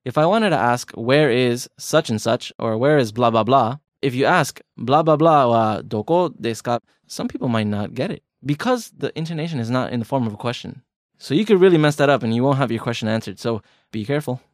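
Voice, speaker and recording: A man co-hosting a podcast lesson, joking and teasing while explaining grammar slowly. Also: mid-range voice, lively intonation, dry recording, clean studio sound. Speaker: podcast co-host teaching Japanese. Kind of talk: casual language lesson banter.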